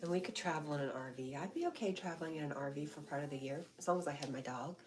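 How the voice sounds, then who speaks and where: A woman's voice: deep voice, fast, noisy background. A woman hosting a casual livestream, chatting, reading viewer comments aloud and cooing to her dog. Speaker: livestream host.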